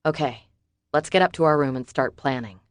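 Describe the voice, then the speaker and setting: A woman voicing a calm, firm, protective man on guard, for an audiobook. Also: low-pitched, fairly quick, no echo, clean studio sound, lightly acted. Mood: steady.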